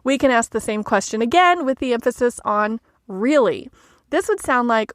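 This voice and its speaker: A woman hosting a solo coaching podcast, talking in a gentle, measured, reflective way. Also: on the high side, lively intonation, no room sound, studio quality. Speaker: life coach podcast host.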